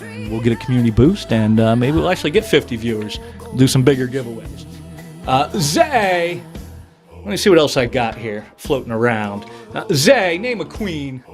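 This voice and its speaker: With faint music in the background, a man with a mid-range voice talks at normal speed and sounds very animated. He's a livestream seller and breaker running a casual sale, chatting with viewers and doing card tricks as he goes.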